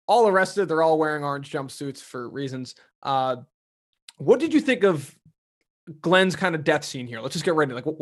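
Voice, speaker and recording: A man co-hosting a TV recap podcast, recapping scenes in casual, excited chat with swearing and laughs. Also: a little high. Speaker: podcast co-host.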